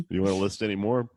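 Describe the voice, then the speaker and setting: A man's voice: lowish voice, dark tone, no room sound, studio quality. A man hosting a casual podcast, telling a story in a profane, sardonic way. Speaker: podcast host.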